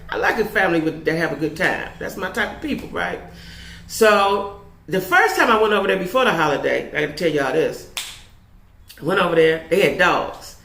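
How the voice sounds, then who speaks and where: A woman's voice: low voice, creaky, fairly bright tone. A woman vlogger telling a dating story in a blunt, profane way, often tagging her lines with "right?". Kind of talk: storytime vlog. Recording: roomy echo.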